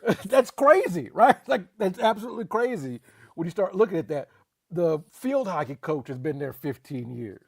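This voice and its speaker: Gravelly-voiced man in casual sports chat. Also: sits high, normal speed, dry recording, clean studio sound. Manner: animated, laughing, emphatic repetitions. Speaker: podcast co-host.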